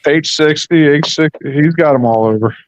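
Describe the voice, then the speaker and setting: A man chatting casually on a live stream, excitable and quick to exclaim. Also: fairly high pitch, no echo, muffled recording.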